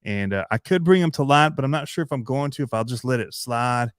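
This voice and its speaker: A man from Michigan talks through a casual livestream, wandering from one story to the next with plenty of "um"s and short chuckles. His voice is smooth and clear. The recording is dry and close, with no room sound. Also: mid-range voice, expressive, fairly quick, no room sound. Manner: rambling, chatty, with frequent laughs and fillers. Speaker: RC hobby channel host.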